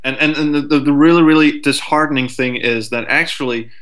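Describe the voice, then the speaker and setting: Animated, foul-mouthed male podcast guest. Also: on the high side, fairly quick. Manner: animated, swears freely, acts out players' thoughts. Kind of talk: casual podcast chat.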